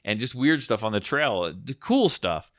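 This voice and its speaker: A man's voice: medium pitch, moderate pace, no echo, clean studio sound. A man in his forties, a podcast host, telling a long story in casual chat, rambling with lots of restarts. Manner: rambling, animated, restarts often.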